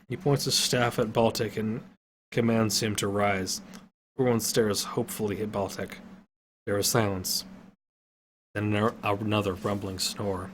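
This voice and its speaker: A man reading an adventure story aloud, steady with occasional slips and self-corrections. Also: lowish voice, measured pace, slight background noise.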